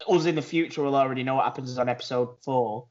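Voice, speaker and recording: A man's voice: medium pitch, fairly even intonation, fast, a little mellow. A man co-hosting a podcast, chatting casually, telling little stories and tagging his lines with "innit". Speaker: podcast co-host. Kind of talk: casual chat. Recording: muffled lo-fi remote audio.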